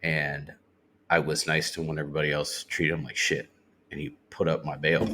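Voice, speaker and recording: A man with a very low voice tells his recovery story on a podcast. He speaks bluntly, swears freely and acts out what others said to him. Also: little pitch movement, brisk, bright, forceful tone, slight background noise. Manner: candid, swears freely, retells talk in quotes. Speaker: podcast guest. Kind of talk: personal recovery testimony.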